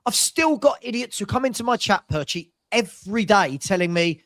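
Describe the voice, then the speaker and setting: A man hosting a live football watchalong, angrily ranting with rapid rhetorical questions and swearing. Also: high-pitched, animated, a bit bright. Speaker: watchalong host. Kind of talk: heated live-stream football rant.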